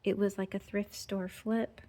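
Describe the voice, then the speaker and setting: On her outdoor porch, a home decor vlogger gives a casual, gushing walkthrough of her decorations, chatty and full of fillers and sweet remarks. She uses a warm, mid-range voice with little pitch movement and a measured pace.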